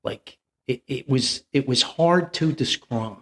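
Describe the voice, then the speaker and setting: A man's voice: medium pitch, slow pace, a bit bright. An older man, telling a rambling, chuckling family anecdote as a podcast host. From New Jersey. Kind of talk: anecdotal storytelling.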